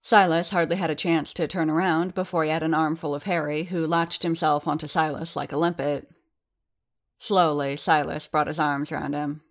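A woman narrating a novel, with a low, grounded voice. Her reading is measured and steady, a calm scripted storytelling pace. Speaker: audiobook narrator.

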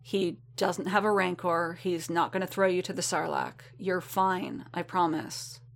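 Woman reading as a calm, firm armored warrior. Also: lowish voice, unhurried, gravelly. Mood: reassuring. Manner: firm and reassuring.

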